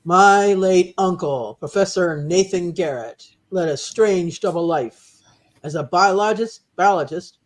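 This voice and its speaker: Man reading as a brooding young scientist. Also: high-pitched. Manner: reading aloud, measured and dramatic. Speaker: comic reader.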